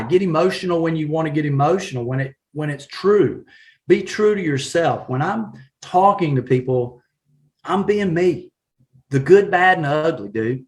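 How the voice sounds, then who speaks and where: Folksy Southern man, animated. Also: on the high side. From South Carolina. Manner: folksy, animated, laughs often. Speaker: guest, real estate agent. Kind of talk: casual live-stream conversation.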